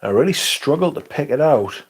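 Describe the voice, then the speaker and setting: A man's voice: a little high, animated, normal speed, husky. A man hosting a casual livestream, reading out viewer comments in a laid-back, rambling way and swearing now and then. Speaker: livestream host.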